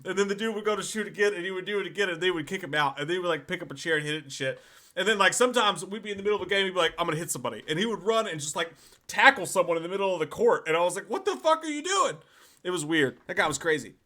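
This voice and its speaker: Bright, high-voiced man telling stories. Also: very fast. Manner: profane, animated storyteller acting out other people. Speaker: podcast co-host. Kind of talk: casual live-stream chat.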